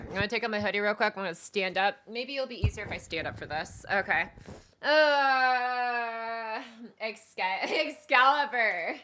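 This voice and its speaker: A woman streamer chatting casually with her viewers, bubbly, with sudden loud squeals when she greets people. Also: medium pitch. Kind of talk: casual live-stream chat.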